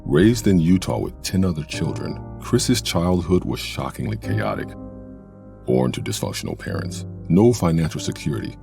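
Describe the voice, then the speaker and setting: A man's voice: extremely low pitch, lively intonation, normal speed, creaky. A man giving a solemn, scripted narration for a book trailer, with music behind him.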